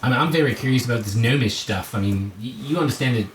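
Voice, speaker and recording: A man's voice: mid-range voice, fast, slight background noise. Laid-back man in an echoey room. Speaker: player. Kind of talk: casual tabletop game play.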